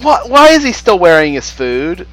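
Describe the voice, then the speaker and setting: Guy streaming a game, lively up and down voice, cracks jokes, reads the game text out loud. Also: high voice, no room sound, soft background music, poor audio. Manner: jokey and animated, with quick asides and laughter. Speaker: streamer playing a dating game. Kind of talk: casual let's-play commentary, reading game text aloud.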